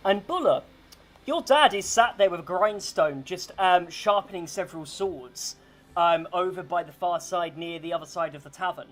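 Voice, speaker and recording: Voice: mid-range voice, normal speed. A game master narrating a tabletop game casually, with many ums and asides. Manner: casual, rambling, full of ums and likes.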